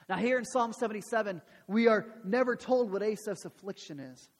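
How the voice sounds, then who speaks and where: A man's voice: high-pitched, brisk, few pauses, long reverb tail. A male pastor preaching a sermon and praying, earnest, with frequent restarts and repeated words.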